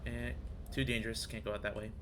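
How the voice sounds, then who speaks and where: A man's voice: fairly low pitch, level tone, fast, over music. A man streaming a video game, musing aloud as he reads and translates in-game text and greets viewers in chat. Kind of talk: live gaming commentary.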